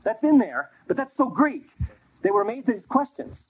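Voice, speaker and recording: A man teaching a Bible class, telling stories in an animated way and acting out bits of dialogue. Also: very high voice, normal speed, slightly rough. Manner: animated storytelling with quoted dialogue. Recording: dull lo-fi recording.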